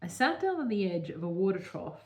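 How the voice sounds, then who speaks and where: A woman with a lowish, sing-song voice speaks briskly in a reverberant space. As a podcast co-host and author, she reads her own novel aloud, breaking off to joke about it in a giggly, self-mocking way.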